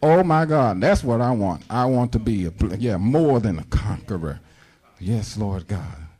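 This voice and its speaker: A middle-aged man preaching with fervor, his voice low and mellow with a husky edge. He slips into high, pleading prayer voices as he teaches. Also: animated, a little slow. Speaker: pastor. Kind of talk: sermon.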